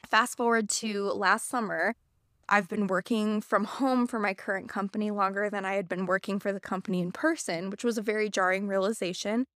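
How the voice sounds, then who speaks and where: A woman's voice: mid-range voice, fairly even intonation, a little fast, a bit bright, no echo, clean studio sound. A young adult woman co-hosting a podcast, telling a personal story candidly and earnestly in casual chat. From United States. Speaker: podcast co-host.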